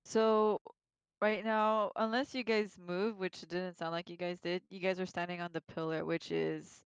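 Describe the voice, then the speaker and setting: A woman narrating a tabletop game as game master in a relaxed way, with small hesitations. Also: fairly low pitch, normal speed, smooth, dry recording, lo-fi sound.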